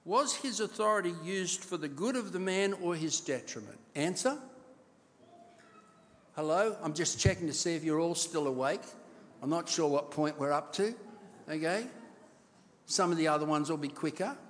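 A man's voice: sits high, a little hiss or hum. A man preaching a sermon as pastor, often asking his congregation questions to keep them alert. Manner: quizzes the congregation, rhetorical questions. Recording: long hall reverb.

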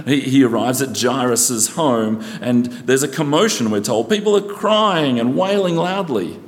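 A man preaching a sermon as pastor, earnestly asking his congregation rhetorical questions. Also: mid-range voice. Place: church. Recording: long church reverb.

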